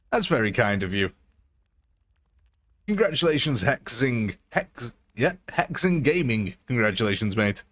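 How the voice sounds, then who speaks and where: A man's voice: medium pitch, sing-song, unhurried, a bit bright. A man hosting a live game stream in a casual, chatty, jokey way, laughing often.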